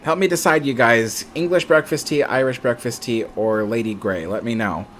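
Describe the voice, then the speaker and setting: Male livestream host, mid-pitched, loose chatty delivery, faint hum behind. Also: animated, moderate pace, a bit bright. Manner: chatty, reads viewer comments aloud, many ums. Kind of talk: casual live chat.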